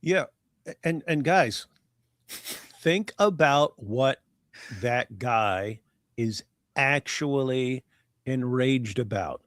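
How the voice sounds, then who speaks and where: A man's voice: mid-range voice, expressive, very slow, long pauses, no echo, clean studio sound. Emphatic man on a live stream. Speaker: co-host.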